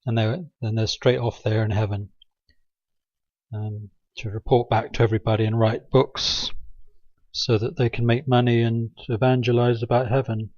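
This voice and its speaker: A man talks in a loose, sarcastic monologue, stopping often on ums and restarts. His voice sits in an ordinary middle pitch. The recording is dry and a little dull, like cheap home audio. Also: level tone, normal speed, darkish tone, dry recording. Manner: sarcastic, hesitant with many ums. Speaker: video maker. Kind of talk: rambling satirical monologue.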